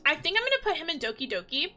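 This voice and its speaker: A woman's voice: high voice, sing-song, very fast, bright, forceful tone, soft background music. A woman chatting casually as a gaming vlogger, gushing and rambling with lots of fillers. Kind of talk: casual chat.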